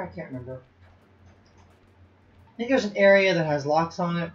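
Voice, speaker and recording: A man's voice: a little high, brisk, pauses often, muffled recording. A man giving casual gameplay commentary, thinking aloud and swearing at the game as he plays. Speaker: let's play host.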